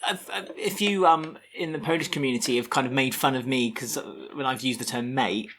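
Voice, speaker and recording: A man's voice: mid-range voice, brisk, fairly bright tone, a little hiss or hum. A man with an English accent co-hosting a podcast in casual, opinionated chat, laughing often. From England. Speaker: podcast co-host.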